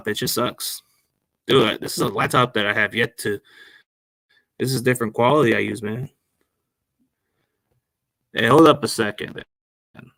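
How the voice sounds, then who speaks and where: A man's voice: medium pitch, measured pace, long pauses, a bit bright, no echo. A man hosting a sports podcast on a laptop mic, chatting casually and rambling in slang. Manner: rambling, slangy, addresses listeners as man and dude. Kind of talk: casual chat. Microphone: laptop microphone.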